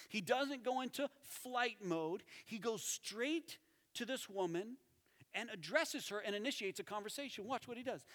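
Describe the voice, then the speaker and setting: A man preaching a sermon as pastor, conversational and animated, dropping to soft tones for emphasis. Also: high voice. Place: church sanctuary. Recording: reverberant hall.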